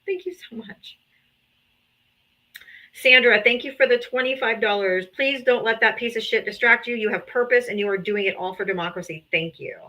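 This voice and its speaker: This livestream host has a voice on the high side, a bright and forceful tone, and a moderate pace. Speaking through her streaming setup, she casually reads out donations and thanks supporters with emotional gratitude, with the odd laugh or sigh.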